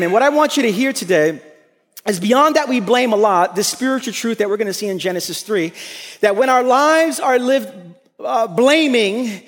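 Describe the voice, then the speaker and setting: A man's voice: high-pitched, big-room sound. A man preaching a sermon as a pastor, telling stories and acting out the voices in them. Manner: animated storytelling, acts out voices.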